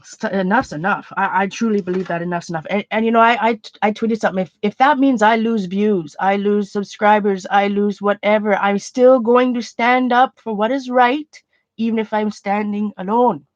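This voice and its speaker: A woman's voice: mid-range voice, fairly even intonation, normal speed. A woman hosting a casual livestream from home, talking in an earnest, rambling, chatty way. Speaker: art channel host. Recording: dull lo-fi sound.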